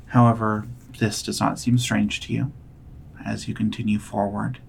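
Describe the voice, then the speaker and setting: A man narrating a tabletop game as game master, in slow, measured descriptive narration. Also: fairly low pitch, flat delivery, gravelly, a little hiss or hum, low-quality recording.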